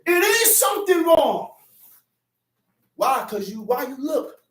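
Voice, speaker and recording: A man giving a religious Sabbath teaching to a small group. He talks in a streetwise, conversational way and breaks into sudden shouted bursts for emphasis. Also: very high voice, very animated, takes it slowly. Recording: echoey room, distant mic.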